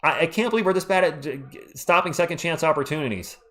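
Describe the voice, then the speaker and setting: Fan streamer, male, voice going hoarse, lively swings in pitch; excitable play-by-play. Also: fast talker. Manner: excitable, ranting about referee calls. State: losing his voice. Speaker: live stream host.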